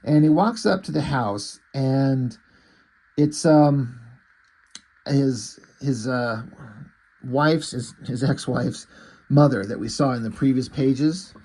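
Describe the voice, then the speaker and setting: A man's voice: medium pitch, takes it slowly, warm tone, husky. Rambling, foul-mouthed comic reviewer man. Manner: rambling, profane, opinionated. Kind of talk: casual chat.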